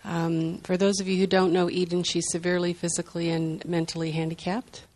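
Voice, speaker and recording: Older lady, grandma, slow reflective storytelling, lowish voice. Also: level tone, darkish tone. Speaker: group sharer. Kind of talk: heartfelt storytelling.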